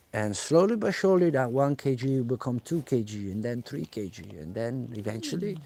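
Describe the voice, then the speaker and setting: A man speaking at a middle pitch, coaching viewers in a live stream Q&A. He answers questions directly in the way a personal trainer does and hammers his key points home by repeating them.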